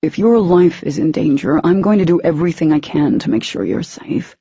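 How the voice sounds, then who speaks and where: A cocky young man from a romance audiobook, gentle and teasing with the woman he loves, as a woman narrator reads him in her own husky voice. The tone is warm and slightly gravelly. The recording is dull, dry and muffled. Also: sits low, fairly quick, no echo, exaggerated voice. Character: young adult man, cocky yet tender love interest.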